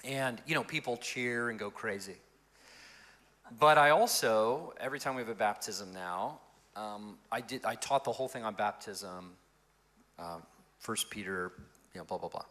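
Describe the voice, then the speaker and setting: A male pastor telling stories in an interview, in an animated and expressive way. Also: fairly low pitch, normal speed. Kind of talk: storytelling in an interview.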